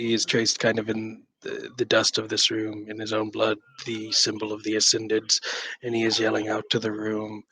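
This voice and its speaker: A man playing in a tabletop game, describing his character's actions in a slow, hesitant way. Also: on the low side, a bit bright, dry recording. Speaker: player. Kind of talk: casual tabletop play.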